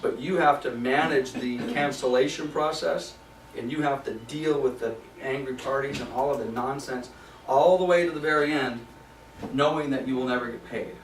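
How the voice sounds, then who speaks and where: A man's voice: medium pitch, moderate pace, recorded from a distance, a little hiss or hum. A man presenting a property management training class in a casual, conversational way, often checking in with "okay?". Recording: roomy sound from off mic.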